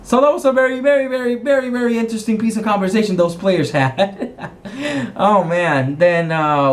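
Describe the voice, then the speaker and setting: A man who is a game master, casually recapping a tabletop roleplaying session in a rambling, animated way with frequent restarts. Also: fairly high pitch, slight background noise.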